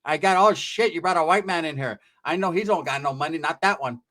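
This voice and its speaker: A man voicing a brash, foul-mouthed middle-aged Mexican aunt, talking loud, bossy and sassy. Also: a little high, brisk.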